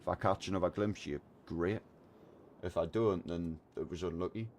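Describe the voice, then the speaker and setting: A man, streaming and chatting casually, telling a lively anecdote full of swearing. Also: sits low, normal speed, slight background noise. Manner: animated storyteller, swears a lot, acts out voices in anecdotes. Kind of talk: casual gaming chat and storytelling.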